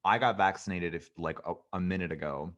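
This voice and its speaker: A man from Canada with a fairly low voice, guesting on a podcast. He chats casually and tells jokey stories with campy flair. He is quick to mock himself. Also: highs cut off. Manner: campy, animated, self-mocking storyteller. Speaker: guest comedian.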